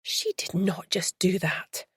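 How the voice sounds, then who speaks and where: A woman voicing a kind, soft-spoken bookshop owner. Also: on the high side, measured pace, no echo, clean studio sound, pitched above the performer's own voice. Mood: indignant.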